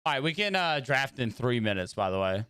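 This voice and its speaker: A man's voice: medium pitch, big pitch swings, brisk, sharp tone, clear, resonant tone, no echo, studio quality. A young man chatting casually with his viewers while streaming a video game, rambling and greeting them by name. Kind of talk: casual livestream chat while gaming.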